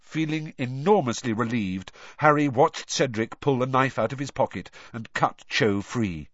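Expressive male audiobook narrator. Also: medium pitch, moderate pace, no echo, lo-fi sound. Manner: expressive storytelling. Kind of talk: scripted narration of a novel.

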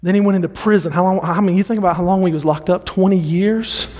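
A man in his thirties preaching a sermon, animated and given to repeating words as he builds a point. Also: high voice, racing, in a large hall. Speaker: pastor.

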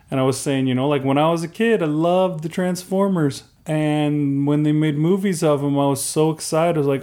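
A middle-aged man in casual podcast chat, rambling and animated, acting out little quotes and laughing as he goes. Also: on the high side, fairly quick, few pauses. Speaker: podcast co-host.

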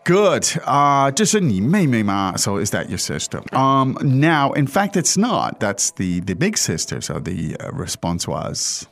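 Guy teaching a language on a podcast, super lively up-and-down voice, keeps asking "right?". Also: medium pitch, unhurried, gravelly, few pauses. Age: adult father. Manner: explains patiently, checks in with "right?". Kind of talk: casual podcast lesson.

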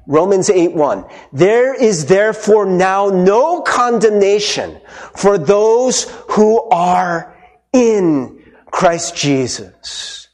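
A male pastor delivers a casual, conversational sermon. His voice sits high and swings widely in pitch. He keeps asking the congregation "right?" as he goes. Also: darkish tone. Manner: conversational, asks "right?" often.

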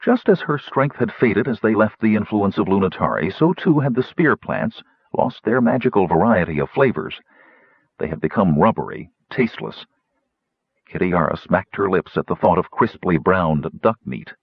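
A man narrates a storybook with a low, husky voice that swings widely in pitch. The recording is dry and a little dull, as if from a close mic in a small treated room. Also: moderate pace, no room sound. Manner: lively, voicing characters higher. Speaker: audiobook narrator.

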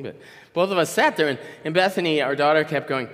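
Brisk and a bit bright, with lively intonation and a medium pitch, a man in his sixties preaches a conversational sermon as a guest pastor. He tells rambling stories and restarts often, and long hall reverb fills the recording.

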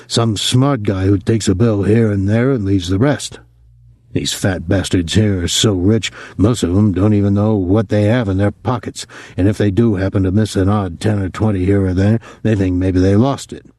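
A man voicing a gruff middle-aged boxing-club trainer who talks bluntly in weary street slang, quieter and lower than his narration. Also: fairly even intonation, normal speed, no echo, clean studio sound, natural voice.

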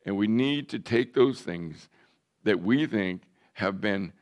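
A man's voice: on the low side, expressive, slow, muffled recording. A man in his seventies, a pastor, telling his own story in a candid, joking sermon. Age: 70s. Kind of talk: personal testimony sermon.

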